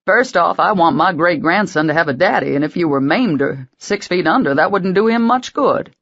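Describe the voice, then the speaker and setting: A woman doing a gruff old grandpa. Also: on the low side, animated, normal speed, a bit bright, lo-fi sound. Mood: gruff advice. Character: gruff old Southern grandfather, blunt but kind.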